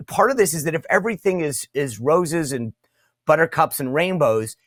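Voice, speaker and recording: A man's voice: a little high, fairly bright tone, no room sound, studio quality. A man hosting an interview show, conversational with frequent restarts. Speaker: show host. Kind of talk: interview and sign-off.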